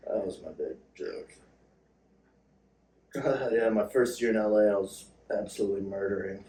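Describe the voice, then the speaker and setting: A man co-hosting a comedy podcast, trading jokes in casual banter with a deadpan, self-deprecating delivery. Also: on the low side, normal speed, pauses often. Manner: deadpan, self-deprecating, laughs at his own bits. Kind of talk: casual joke-writing banter. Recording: echoey room, mic at a distance.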